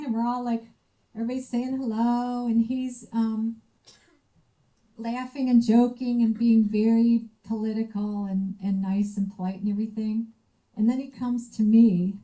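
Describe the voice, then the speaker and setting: With a fairly high voice captured on poor audio, an American visiting researcher delivers a lecture built around personal anecdotes. She tells them vividly, acting out each piece of quoted dialogue.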